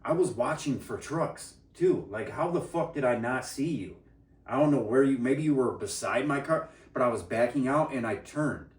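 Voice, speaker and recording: A man's voice: medium pitch, normal speed, recorded from a distance. A man co-hosting a casual chat, telling a heated story full of profanity and acting out the people in it. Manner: heated, swearing, mimics people in his story. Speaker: podcast co-host. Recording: roomy, off-mic sound.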